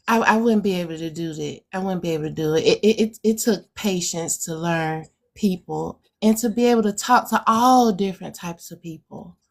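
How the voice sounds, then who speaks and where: A woman with a country Alabama drawl answers interview questions at a slow, deliberate pace. She reflects out loud, circling back and hesitating with fillers before landing her point. Her pitch sits in an ordinary middle range. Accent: rural Alabama. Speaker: guest poet. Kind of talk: casual interview chat.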